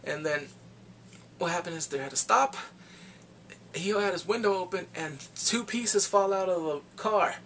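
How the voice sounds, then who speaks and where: Gravelly, animated man recapping a movie. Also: high-pitched, unhurried, pauses often, slight background noise. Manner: animated, reacts with exclamations and gasps. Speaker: movie reviewer.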